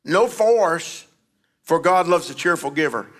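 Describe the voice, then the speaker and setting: A man preaching a sermon, rising to emphatic calls and dropping low to tell stories. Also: expressive, measured pace. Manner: emphatic preaching with sudden drops to a low confiding voice. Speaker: pastor.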